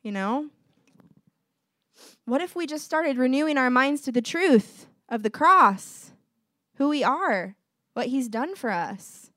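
A woman preaching in a casual, heartfelt way, her voice a little higher than most. She talks straight to her listeners and slips into quick quoted exchanges. The sound is dry and close, with no room echo. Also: expressive, a bit bright. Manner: conversational, earnest, quotes voices in dialogue. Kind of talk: informal sermon.

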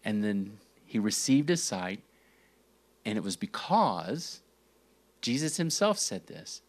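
A man preaching a sermon, reading scripture verses and asking rhetorical questions, with big dramatic swings in pitch and volume. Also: big pitch swings, slow, pauses often. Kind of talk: sermon teaching.

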